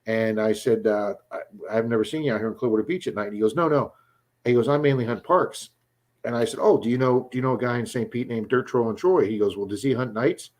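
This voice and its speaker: A man's voice: medium pitch, fast, a little mellow. A man from Florida hosting a live stream, rambling through stories and often repeating words as he starts a sentence. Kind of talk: casual live stream chat.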